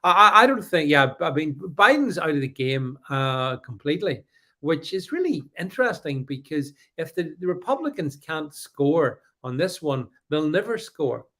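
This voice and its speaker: A man co-hosts a casual podcast, his voice pitched a little high. He talks in a halting, animated way, full of restarts, as he reads out viewer comments. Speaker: podcast co-host. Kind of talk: casual political chat reading live comments.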